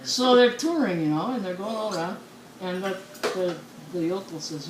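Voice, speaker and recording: A woman telling jokes in a casual, animated way, often laughing as she goes. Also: lowish voice, normal speed, crowd noise. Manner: giggly, animated storyteller. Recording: echoey room with background noise.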